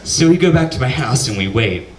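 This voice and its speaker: A young man doing stand-up, telling a story deadpan and shouting the punchlines. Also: medium pitch, fairly quick. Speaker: stand-up comedian. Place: comedy club stage. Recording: roomy club audio from a distance. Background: audience laughter.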